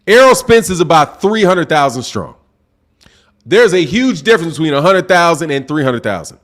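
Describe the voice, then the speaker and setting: A man hosting a live-stream boxing talk show, loud and excitable, projecting his voice and saying "bro" a lot while reading viewer super chats. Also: fairly high pitch, moderate pace. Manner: reads super chats aloud. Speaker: boxing channel host. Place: home live stream, sipping drinks.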